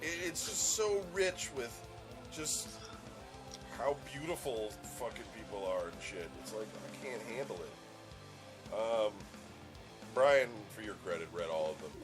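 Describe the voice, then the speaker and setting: A man's voice: on the low side, sing-song, measured pace, music in the background. A man hosting a gaming news show, reading items aloud and adding sarcastic asides.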